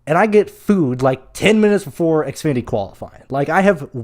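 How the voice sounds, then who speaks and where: A man's voice: on the high side, animated, moderate pace, a little mellow. A young American man hosting a live show, telling a long, profane, exasperated story in a casual rambling way. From United States.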